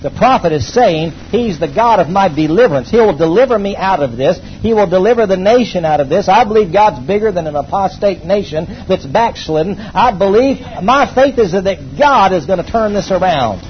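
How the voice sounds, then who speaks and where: A high-pitched man preaches to his congregation, pushing lines out loud and then dropping into quiet asides. He calls on the people to say things back to him. The recording sounds dull and a bit lo-fi, with a faint hiss underneath. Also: lively intonation, normal speed, hardly any pauses. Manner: emphatic preaching, swinging from loud exclamations to low asides. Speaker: pastor. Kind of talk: sermon. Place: church hall before a congregation.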